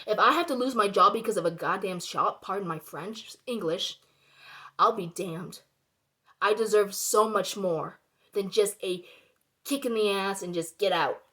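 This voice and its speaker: A woman's voice: mid-range voice, a little slow, fairly bright tone. A young woman delivering an indignant, heated monologue to her viewers, swearing and repeating herself, firing rhetorical questions at the audience. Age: young adult. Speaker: vlogger.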